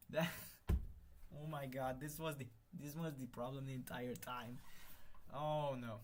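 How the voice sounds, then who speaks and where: A young man live-streaming while he works at his computer, thinking out loud, muttering to himself and swearing when things break. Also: medium pitch, fairly even intonation, unhurried, a little hiss or hum. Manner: thinks aloud, mutters, swears, exasperated then laughing. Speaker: conlang streamer.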